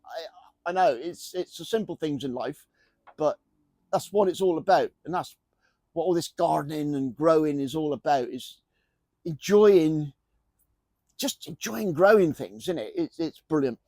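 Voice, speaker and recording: A man's voice: on the high side, unhurried, long pauses, darkish tone, no echo. An older man chatting to camera about his allotment from inside a polytunnel, jokey, with the odd mild swear word. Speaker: gardening vlogger. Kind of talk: casual chat to camera.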